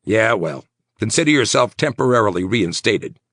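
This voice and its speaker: A man voicing a nervous, sweating male mayor, talking in tense, insistent rapid bursts. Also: lowish voice, expressive, fairly bright tone, dry recording, studio quality, pitched above the performer's own voice. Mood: worried.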